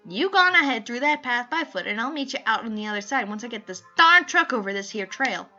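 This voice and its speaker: Casting: a woman doing a friendly old Southern trucker, folksy drawl, bright voice, slightly muffled with faint music. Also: a little high, expressive, fast. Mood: folksy cheerful. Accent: put-on Southern US. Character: cheerful folksy old male truck driver.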